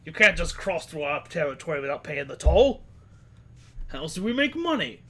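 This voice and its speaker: A man's voice: a little high, very animated, normal speed, a bit bright. A man putting on a brash greedy bandit. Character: rough male bandit toll keeper, brash and greedy.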